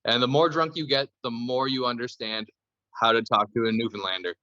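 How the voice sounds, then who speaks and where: A man from Canada tells rambling, profane stories in relaxed podcast chat. His voice is bright and forward. The recording is dry and a little dull, with no room sound around him. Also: medium pitch, a little fast, no room sound. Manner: loose, profane storytelling. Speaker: podcast guest.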